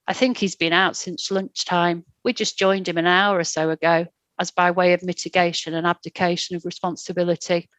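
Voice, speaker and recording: A man's voice: high-pitched, little pitch movement, a little fast, a bit bright, smooth, dry recording. A woman voicing the drunk man's friend, who apologises for him. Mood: apologetic.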